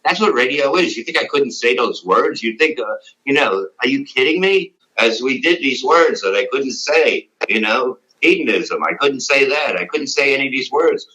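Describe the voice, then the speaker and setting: A man's voice: mid-range voice, animated, moderate pace, pushed and bright, rough recording. A middle-aged man being interviewed, telling blunt, profane, rambling stories about his radio days. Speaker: interview guest, former radio show staff. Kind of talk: casual interview.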